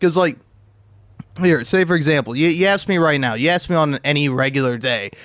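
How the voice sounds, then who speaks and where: A man's voice: on the high side, a little fast, fairly bright tone, dry recording. A man in his twenties rambling in casual commentary over gameplay, stammering and chuckling often. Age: 20s. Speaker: gaming commentator.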